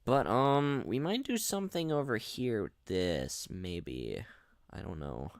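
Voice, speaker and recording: A man's voice: fairly low pitch, sing-song, takes it slowly, no echo, clean studio sound. A young man rambling through casual gameplay commentary as a streamer, often restarting his sentences and reading out chat messages. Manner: rambling, chatty, many restarts. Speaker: gaming streamer.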